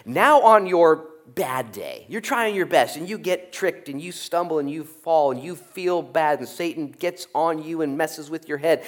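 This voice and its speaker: A middle-aged man preaching a sermon, animated, jumping from loud peaks down to soft asides. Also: on the high side, normal speed, hardly any pauses. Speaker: pastor. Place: church sanctuary.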